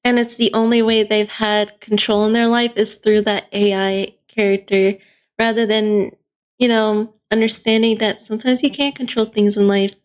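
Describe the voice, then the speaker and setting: A woman's voice: medium pitch, flat delivery, moderate pace, clean tone. A woman in casual chat, giving blunt opinions and short reactions.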